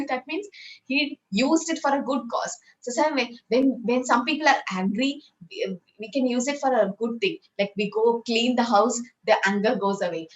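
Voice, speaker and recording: A woman leads a scripture class. She explains in a chatty, conversational way and keeps checking in with her listeners. Her voice sits at an ordinary middle pitch. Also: muffled recording. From India. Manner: conversational, often asking "right?". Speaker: spiritual class teacher.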